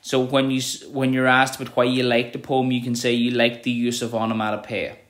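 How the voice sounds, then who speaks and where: A man teaching a revision lesson to students at home. His voice sits at an ordinary middle pitch, and he explains step by step, checking in with "okay" as he goes. He slows right down whenever he reads an example line aloud. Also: monotone, a bit bright. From Ireland.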